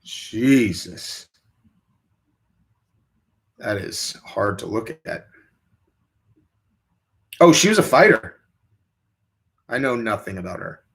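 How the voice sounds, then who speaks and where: The young host speaks very animatedly yet slowly, with vocal fry and long pauses. He reads viewer questions on his casual stream, rambles crudely and offhandedly, and mimics quotes in high mocking voices.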